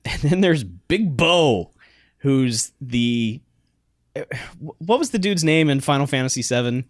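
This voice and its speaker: A man chatting loosely about games on a podcast, wandering through his thoughts and often breaking into laughter. His voice is mid-pitched and recorded close, with hardly any room sound. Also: expressive, a little slow, no room sound. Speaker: podcast co-host. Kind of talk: casual chat.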